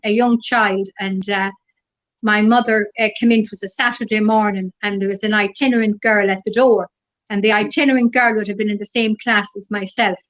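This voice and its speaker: A middle-aged Irish woman chats as an interview guest, gentle and meandering, her thoughts looping back with "as I said." Her voice sits at an ordinary middle pitch. The recording is dull and a bit lo-fi. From Ireland. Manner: gentle, rambling storyteller with many fillers. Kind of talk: casual interview.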